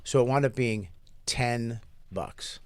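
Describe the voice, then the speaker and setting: A man's voice: mid-range voice, slow, clear, resonant tone, no echo. A middle-aged man telling a loose, profane story in casual chat as podcast co-host, with many restarts.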